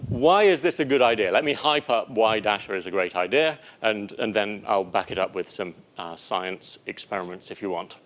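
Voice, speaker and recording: A man lecturing and demonstrating software to an audience, lively and playful, with animated asides. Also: lowish voice. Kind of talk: live technical talk with demo.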